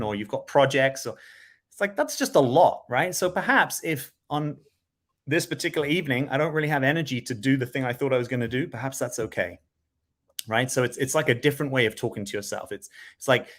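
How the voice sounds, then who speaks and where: A man's voice: mid-range voice, a bit bright. A man speaking as a self-development coach in a reflective solo talk to camera, often checking in with "right?".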